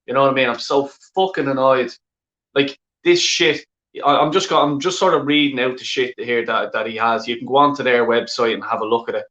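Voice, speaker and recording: An Irish man, a football fan, rants angrily on a live stream, exasperated, swearing constantly and repeating filler phrases. His medium-pitched voice is a bit bright, and the sound is reverberant and lo-fi.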